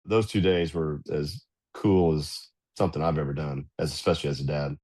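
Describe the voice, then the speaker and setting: A middle-aged man, a golf club director and podcast guest, telling anecdotes in casual, animated fashion. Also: rumbling low, normal speed. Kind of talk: casual storytelling.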